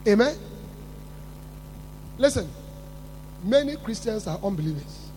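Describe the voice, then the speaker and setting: A man preaching a sermon with emphatic build-ups, repeating words and rising to shouts. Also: high-pitched, sing-song, measured pace, a little hiss or hum.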